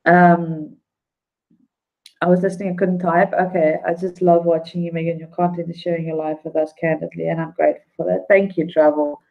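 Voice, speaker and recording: A woman chats casually on her live stream in a slightly low voice. She rambles and speaks from the heart, with plenty of fillers between her thoughts. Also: flat delivery, fairly quick, gravelly, phone-quality sound. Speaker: YouTube vlogger.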